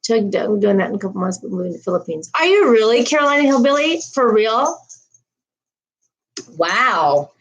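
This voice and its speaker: A woman's voice: a little high, big pitch swings, normal speed, muffled recording. A woman hosting a casual livestream, rambling through a story and greeting viewers' comments. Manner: frequent laughs and restarts. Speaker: livestream host.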